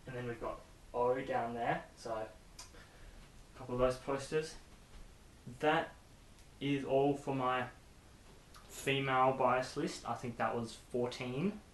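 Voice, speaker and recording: A young man vlogging casually from his bedroom, chatty and rambling with self-deprecating asides. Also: medium pitch. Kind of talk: casual chat to camera. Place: bedroom with posters. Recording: echoey room with faint hiss.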